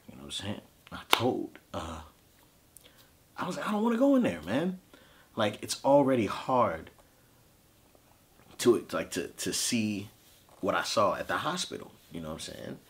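A man in his thirties, a podcast host, telling a personal story of grief in a halting, emotional way with frequent fillers. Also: sits low, sharp tone. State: grieving.

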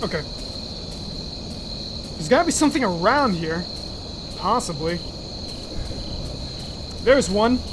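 A man's voice: sits high, animated, slow pace, pauses often, noisy background. A young man commenting as he plays a horror game, jumpy, swearing and screaming whenever he is startled. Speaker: gaming channel host.

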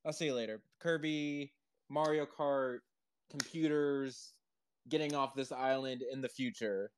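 A man's voice: mid-range voice, unhurried, slight background noise. Rambling guy chatting on a live stream. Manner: rambling, laughs often, full of "like" and "uh". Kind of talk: casual chat on a live audio stream. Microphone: headphone built-in microphone.

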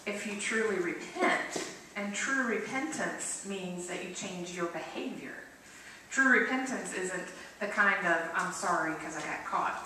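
Woman, pastor, sermon, talks with the congregation, acts out quoted voices, bright tone, heard from afar. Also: fairly low pitch, normal speed, slight background noise. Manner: conversational, asks the congregation questions. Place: church sanctuary. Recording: very echoey church from a distance.

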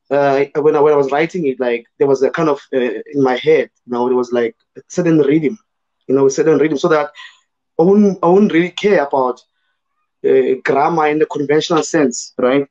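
A man from South Africa with a hoarse voice, talking loosely about his writing as a guest in an online panel, full of fillers like "you know" and "man". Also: a little high, brisk, darkish tone, highs cut off. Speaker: guest poet. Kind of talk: casual conversation in a virtual panel.

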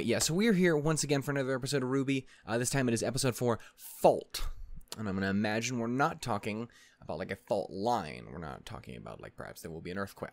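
A young man with a lowish voice chats in a playful, rambling way, jumping from stern muttering to sudden loud outbursts. The sound is close and dry, with no room around it. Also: vocal fry, dry recording. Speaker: reaction video host. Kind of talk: casual solo chat before a reaction.

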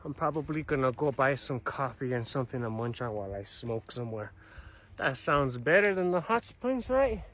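With a mid-range, slightly bright voice, this vlogger sounds expressive at a moderate pace as he wanders outdoor trails. He rambles to camera, swears a lot, and keeps addressing his viewers as "you guys."

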